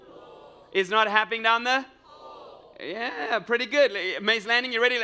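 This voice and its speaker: A man preaching in a church, his voice high and bright as he works the room. He jokes, repeats his lines and keeps asking the congregation questions in a lively call-and-response sermon. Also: unhurried, a little hiss or hum. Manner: energetic, jokey, repeats phrases and asks the crowd questions. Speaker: pastor. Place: church sanctuary with live congregation.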